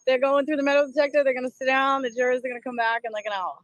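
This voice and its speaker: A woman's voice: high voice, fairly even intonation, very fast, no echo, highs cut off. A middle-aged woman with a Boston accent, hosting a casual livestream outdoors on a phone, chatty and emotional, laughing often and greeting viewers. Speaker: livestream host. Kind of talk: casual live commentary. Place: outdoors among a crowd. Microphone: phone on a selfie stick.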